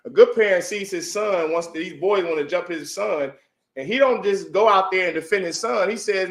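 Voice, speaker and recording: A man's voice: high voice, moderate pace, a bit bright. Emphatic preaching man in an echoey room. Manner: emphatic, repeats rhetorical questions. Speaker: religious class teacher. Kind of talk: preaching class with questions to listeners. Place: room with audience.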